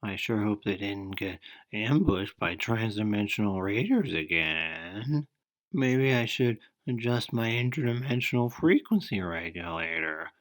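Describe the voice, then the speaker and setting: A man's voice: fairly low pitch, expressive, unhurried. A man playing a goofy sci-fi show host who worries aloud and fiddles with gadgets. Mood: worried.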